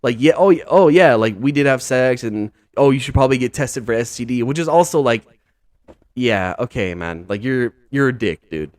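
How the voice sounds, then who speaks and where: A man hosting a podcast talks in a loose, rambling way, stacking filler words and slang. He sounds incredulous and exasperated, and his voice sits mid-range in pitch. The recording is close and dry, with no room sound. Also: lively intonation, normal speed, no echo. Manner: rambling, heavy use of "like", "dude" and "bro". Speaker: podcast host. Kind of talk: casual podcast commentary.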